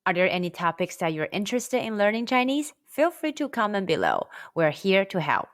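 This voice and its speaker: A woman giving a scripted language lesson, demonstrating each sound slowly and clearly. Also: mid-range voice, sing-song, no room sound, clean studio sound. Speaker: Chinese language teacher.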